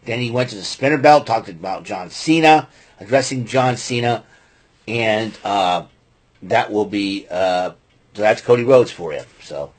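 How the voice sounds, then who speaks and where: A man hosting a podcast, giving a rambling casual recap with lots of fillers and restarts and blunt opinions. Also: lowish voice. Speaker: podcast host recapping wrestling.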